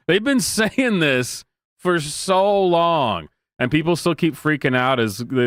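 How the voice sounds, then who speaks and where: A man's voice: on the high side, expressive, takes it slowly, clear, resonant tone, no echo. Sarcastic man in his thirties, dry close mic. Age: 30s. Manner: sarcastic, mocking, laughs often. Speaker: streamer reacting to clips. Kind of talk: casual live-stream commentary.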